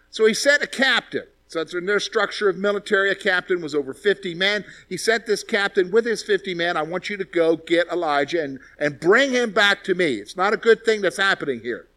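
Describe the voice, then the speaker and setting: A man with a high, bright voice teaches through a scripture story in a relaxed, conversational way. He jumps into quoted lines, giving the characters their own lively voices before returning to his explanation. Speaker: Bible teacher. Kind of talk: expository Bible teaching.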